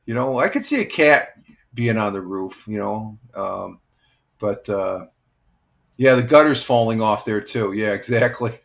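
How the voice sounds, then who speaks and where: This man in his sixties has a fairly low, creaky voice and talks a little slowly. Once a firefighter and now retired, he rambles easily through a casual morning live stream with viewers, using plenty of fillers.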